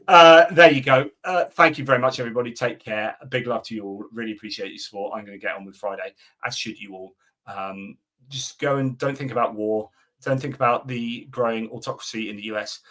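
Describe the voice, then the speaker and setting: A man's voice: medium pitch, fairly quick, a bit bright. A middle-aged man hosting a live stream, chatting casually and answering viewer comments, with lots of fillers and restarts. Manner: rambling, many fillers and restarts.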